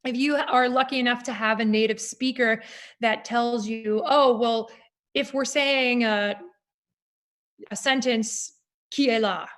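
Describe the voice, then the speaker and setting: A woman opera singer talking in an interview, animated and reflective, with frequent fillers. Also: on the high side, measured pace. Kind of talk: conversational interview.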